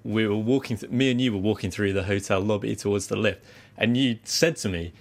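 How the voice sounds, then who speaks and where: A man's voice: fairly low pitch, brisk, vocal fry, hardly any pauses. A young British man co-hosting a casual podcast chat, telling anecdotes and laughing often. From Britain. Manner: chatty storyteller, laughs often. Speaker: podcast co-host.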